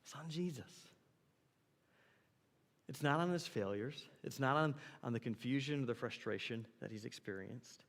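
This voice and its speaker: A man preaching a sermon as a young adults pastor, animated, building to loud emphatic peaks and then dropping low. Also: moderate pace. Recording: long hall reverb.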